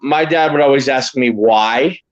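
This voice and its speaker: A man's voice: mid-range voice, a little slow, muffled recording. A man chatting casually on a podcast as co-host, trading jokey banter and often stammering over his words. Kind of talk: casual chat.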